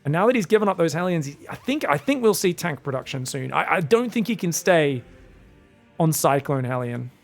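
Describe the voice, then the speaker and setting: A man casting a live game match, excitable and jokey, with rambling asides. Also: on the high side, fairly quick, faint music behind. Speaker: esports caster.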